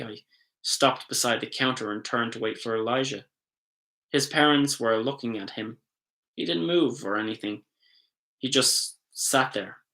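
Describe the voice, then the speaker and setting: A man reads his own novel aloud in a live session, in a first-person storytelling voice. His tone is bright and forward. He reads casually and stops now and then to correct a slip. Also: medium pitch, low-quality recording. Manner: casual reading with slips and self-corrections. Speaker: author reading his novel. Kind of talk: live book reading.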